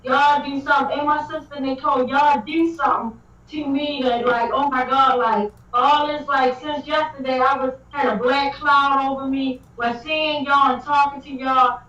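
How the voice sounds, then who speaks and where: A woman's voice: high-pitched, steady tone, normal speed, sharp tone. A woman hosting a livestream in casual chat, effusive and repetitive, leaning on "like". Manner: effusive, repeats "like" and phrases. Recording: echoey, distant, dull call audio.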